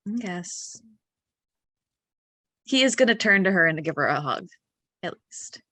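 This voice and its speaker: A woman's voice: fairly low pitch, very animated, a little fast, bright, forceful tone, no echo. A woman narrating her character's actions in a tabletop role-play, playful and giggly. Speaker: player.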